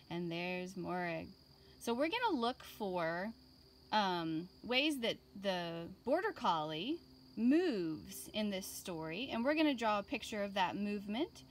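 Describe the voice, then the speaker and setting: Slow, patient woman art teacher. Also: a little high, slight background noise. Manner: slow, patient, explaining to young children. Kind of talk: children's online art lesson.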